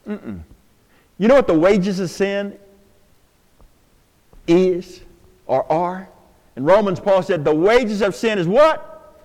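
An older man preaching a sermon in a church, swinging from hushed, drawn-out pleas to loud calls to the congregation. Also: high voice, animated. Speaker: pastor. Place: church sanctuary. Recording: long hall reverb.

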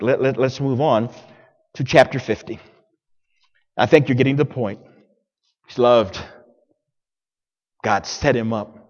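A male pastor preaching a sermon, dramatic, swinging between loud declarations and hushed passages. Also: mid-range voice, slightly rough, in a large hall.

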